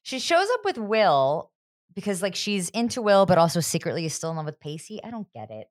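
A woman co-hosting a podcast, chatting casually with wry, quick asides and laughter. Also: on the low side, very animated. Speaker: podcast co-host. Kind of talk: casual chat.

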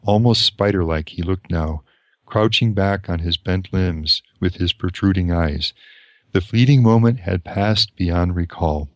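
A priest reading from a novel and reflecting on it in a slow, measured way with pauses. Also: male voice, deep voice, no echo, highs cut off.

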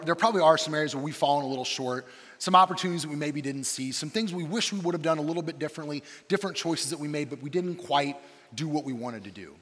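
A man in his thirties, a campus pastor, preaching a humorous sermon and telling stories about himself in an animated, self-deprecating way. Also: fairly high pitch, husky, in a large hall. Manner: animated, self-deprecating storyteller with shifting energy.

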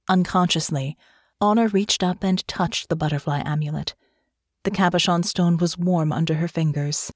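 A woman reading an audiobook in a measured, even narration. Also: deep voice, no room sound, clean studio sound.

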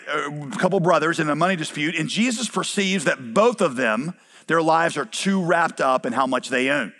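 Man middle-aged pastor, lively sermon delivery, slightly high voice. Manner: animated preaching with acted-out voices and rhetorical questions.

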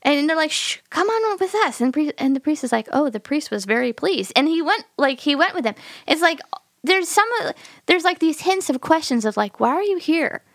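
A woman with a fairly high voice and a strong gravelly fry speaks as a pastor on a podcast Bible discussion. She retells stories in a lively way and plays out the dialogue. The sound is dry and close. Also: a little fast, no room sound.

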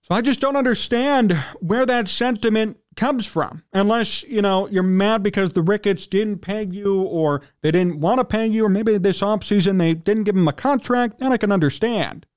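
Fired up about his team, a male sports radio host with a distinctly high voice delivers a heated, indignant rant at a moderate pace. He keeps stopping to clear his throat.

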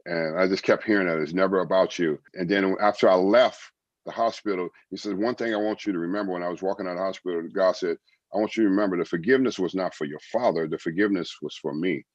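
A man's voice: deep voice, fast, no room sound, highs cut off. A middle-aged man earnestly telling a faith testimony in an interview, often repeating phrases as he tells it. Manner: earnest storytelling, repeats phrases, quotes God and others. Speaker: guest, former baseball player and evangelist.

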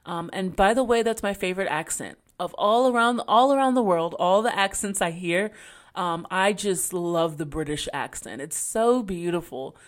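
A woman's voice: on the low side, animated, normal speed. A woman hosting a faith podcast, talking in an earnest, encouraging way with casual slang. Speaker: podcast host.

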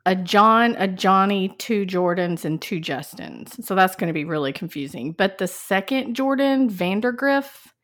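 A woman co-hosting a podcast in casual chat, chatty and quick to laugh. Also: mid-range voice, lively intonation, fairly bright tone. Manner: slow, chatty, laughs easily. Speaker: podcast co-host. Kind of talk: casual chat about a dating show.

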